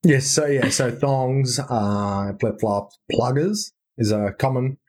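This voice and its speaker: A man's voice: mid-range voice, slow, darkish tone. A man from rural Australia with a broad country accent, chatting casually as a podcast guest, laid-back and full of slang. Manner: laid-back, slang-heavy, says "yeah" a lot. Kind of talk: casual chat.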